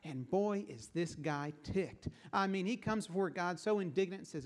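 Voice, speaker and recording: Here the same kind of relaxed storytelling sermon comes from a male pastor whose voice is slightly above the usual male range. He talks at a normal speed, rarely pauses, and speeds up or slows down to keep the audience engaged.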